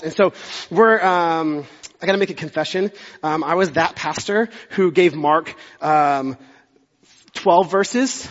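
A young man, a pastor preaching a conversational, self-deprecating sermon with jokey asides. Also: sits high. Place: church sanctuary. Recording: dull sound with long hall reverb.

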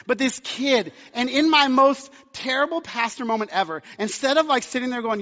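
A man's voice: very high-pitched, animated, normal speed, sharp tone, big-room sound, dull audio. A man in his thirties preaching a sermon as pastor, chatty and storytelling with many fillers.

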